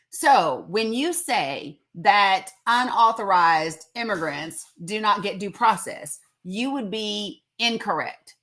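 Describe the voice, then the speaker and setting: A woman's voice: mid-range voice, fairly bright tone. A woman hosting a casual livestream, talking emphatically and repeating words for effect. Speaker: livestream host. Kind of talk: casual live commentary.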